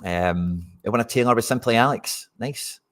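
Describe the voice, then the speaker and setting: A man's voice: mid-range voice, normal speed, a bit bright. A Scottish man hosting a live fantasy football stream, chatting casually and talking straight to his viewers. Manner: chatty, addresses viewers directly.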